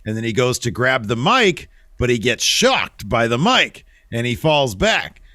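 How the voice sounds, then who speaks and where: A man co-hosting a podcast, casually recapping wrestling and acting out the wrestlers' lines in animated voices. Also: mid-range voice, unhurried, no echo, clean studio sound. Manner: retells matches with animated quoted voices. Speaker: podcast co-host.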